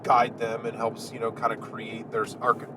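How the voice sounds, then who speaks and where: A man's voice: medium pitch, monotone, normal speed, distant mic, background noise. A laid-back man from the Midwest co-hosting a podcast, chatting casually and laughing easily. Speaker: podcast co-host. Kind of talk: casual chat.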